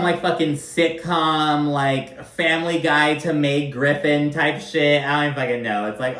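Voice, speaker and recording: A man's voice: on the high side, fairly even intonation, unhurried, hardly any pauses, a bit bright, reverberant. A man giving casual, profane commentary on a reality show, talking loosely and filling his speech with "like". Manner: profane, chatty, filler-heavy with constant "like".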